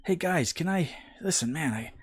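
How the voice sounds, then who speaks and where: A man's voice: on the high side, lively intonation, moderate pace, breathy edge, no room sound, pitched above the performer's own voice. A man voicing a tired man with a blistered foot who pleads to ride in a parable. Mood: pleading. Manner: pleading, worn out.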